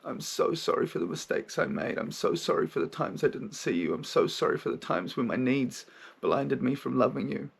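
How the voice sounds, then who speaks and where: A man's voice: medium pitch, animated, moderate pace, vocal fry, breathy edge, pitched above the performer's own voice, heavily acted. A man voicing a frightened, clinging inner child part of himself, stammering and pleading. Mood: tender, remorseful.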